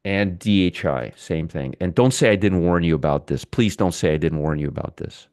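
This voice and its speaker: A man's voice: low-pitched, moderate pace, a little mellow, dry recording, clean studio sound. A middle-aged man hosting a live stock market stream, chatty, reading out viewer comments and teasing his audience. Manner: chatty, reads viewer comments, jokes and teases. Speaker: stock market show host.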